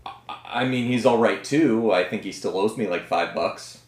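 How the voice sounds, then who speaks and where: Casting note: man with a low voice doing a grandiose mock tribute, recorded in an echoey room. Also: normal speed. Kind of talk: mock-solemn tribute bit.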